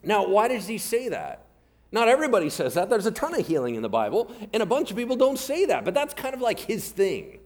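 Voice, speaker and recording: A man preaches a sermon with a voice that swings widely and expressively in pitch. He tells the story casually, slipping into modern everyday voices for the biblical characters and checking in with his listeners for agreement. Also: wildly swooping pitch, a little fast. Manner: addresses the congregation directly, asking for agreement. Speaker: pastor.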